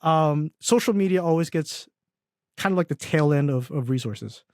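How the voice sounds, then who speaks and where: A man's voice: on the high side, expressive, normal speed, a little mellow, no room sound. Rambling man with a dry close sound. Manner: rambling, many fillers and restarts, laughs at own stories. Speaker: podcast guest, agency founder. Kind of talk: casual interview chat.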